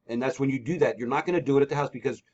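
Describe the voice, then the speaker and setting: Male sales trainer, quick and emphatic, on a muffled lo-fi call line. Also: mid-range voice, darkish tone. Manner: emphatic, repetitive, coaching with sample scripts. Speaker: real estate trainer. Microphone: call recording. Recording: dull lo-fi call audio.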